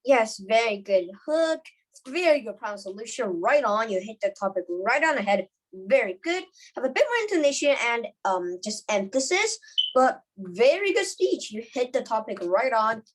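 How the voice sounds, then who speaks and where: A woman's voice: on the high side, sing-song, normal speed, poor audio. A woman judging a speech tournament, giving brief feedback in short, repeated praise phrases. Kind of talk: casual spoken feedback.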